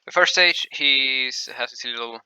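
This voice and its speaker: A man talks through gameplay in a casual commentary, with a very bright, sharp tone. His explanations ramble and stall, often restarting mid-sentence. His pitch sits at an ordinary middle level for a man. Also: a little slow, smooth, no echo, low-quality recording. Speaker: gameplay showcase host.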